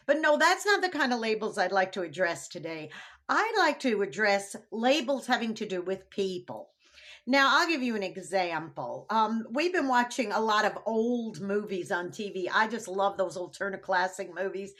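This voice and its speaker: A middle-aged woman hosting a casual talk, chatty and animated, laughing often as she speaks. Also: on the high side. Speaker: host.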